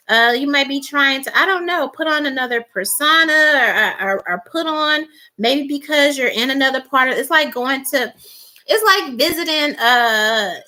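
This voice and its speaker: A woman's voice: high voice, bright, forceful tone. A woman doing a casual tarot reading, rambling with many fillers and restarts, blunt and teasing. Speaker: tarot reader.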